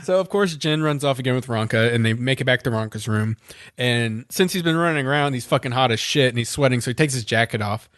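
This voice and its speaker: A man co-hosts a podcast, recapping an episode in a rambling, filler-heavy way with frequent swearing. His voice sits at a middle pitch and sounds dry and close, with no room sound. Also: fast talker, a bit bright, dry recording. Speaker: podcast co-host.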